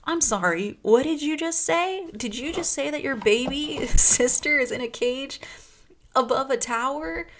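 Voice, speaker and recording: A woman's voice: sits high, unhurried, a bit bright, voice pushed up. A woman voicing a clueless adult man in charge who asks questions in a fussy, incredulous way.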